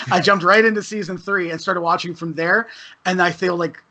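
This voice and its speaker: A man's voice: sits high, steady tone, moderate pace, pushed and bright. A man, a podcast guest chatting casually, rambling and swearing freely after a few beers. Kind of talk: casual chat.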